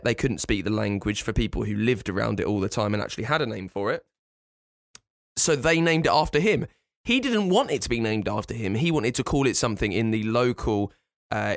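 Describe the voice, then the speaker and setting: Lively man, teasing podcast co-host. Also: mid-range voice, no room sound, clean studio sound. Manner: animated, teasing. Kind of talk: casual banter.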